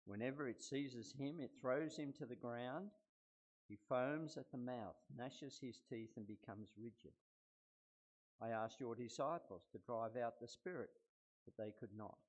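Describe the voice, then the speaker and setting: A man's voice: mid-range voice, measured pace, natural voice, rough recording. A man reading as a desperate pleading father.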